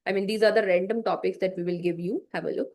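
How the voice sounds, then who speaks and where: A woman leads an online public speaking lesson for children, speaking into a computer mic. She is encouraging and chatty, filling her talk with small fillers and saying example lines aloud for the class. Her voice sits at a middle pitch. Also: steady tone, quick pace, a little mellow.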